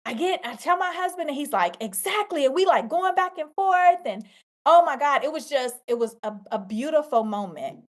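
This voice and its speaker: A woman with a fairly high voice hosts a faith podcast and shares her testimony. She talks straight to her listeners and calls them y'all. She leans hard on repeated phrases, the way a preacher does. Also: animated, moderate pace. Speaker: podcast host.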